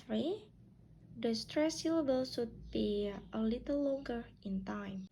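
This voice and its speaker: A young woman leads a class lesson in a very slow, deliberate delivery. Her slightly high voice carries a gravelly fry throughout. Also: dark tone, a little hiss or hum, rough recording. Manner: slow, drawn-out teaching delivery. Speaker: student presenter. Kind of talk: class presentation.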